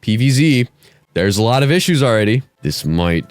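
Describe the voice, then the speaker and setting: A young man mock-grading an essay in a profane, theatrical comedic rant, his voice jumping very high when excited. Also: normal speed, dry recording. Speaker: comedy YouTuber.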